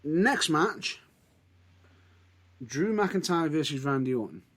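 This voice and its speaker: A man co-hosting a casual podcast chat, retelling events in an excitable, animated way. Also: fairly high pitch, takes it slowly. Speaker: podcast co-host.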